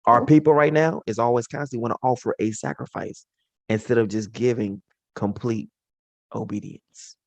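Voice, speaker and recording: A man's voice: mid-range voice, steady tone, moderate pace, dry recording, lo-fi sound. A man teaching from the Bible in an informal, slangy way, acting out the characters' lines as he retells the stories.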